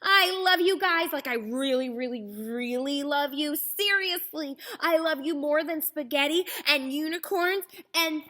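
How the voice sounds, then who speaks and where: A woman's voice: high voice, lively intonation, slow pace, voice pushed up. A woman voicing a chatty, affectionate little female bird in a storybook reading, gushing and exuberant.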